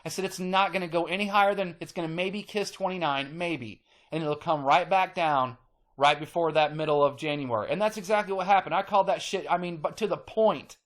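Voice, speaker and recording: High-voiced guy on his channel, ranting, repeats himself a lot, swears, gets all worked up. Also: brisk, fairly bright tone. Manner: emphatic, repetitive, gets worked up; swears casually. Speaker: channel host. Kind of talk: ranting monologue to camera.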